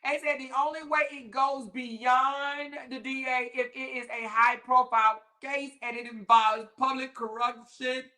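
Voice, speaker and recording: This commentary show host has a high, bright voice with a forceful, steady tone, speaking at a measured pace with few pauses. On her casual talk show she's sassy, profane and mocking, laughing often.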